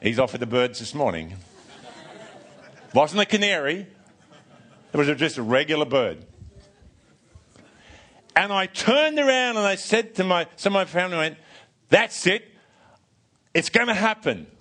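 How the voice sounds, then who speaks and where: An older man preaching a sermon, telling a personal story in an animated way, often restarting and repeating words. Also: a little high, moderate pace, pauses often.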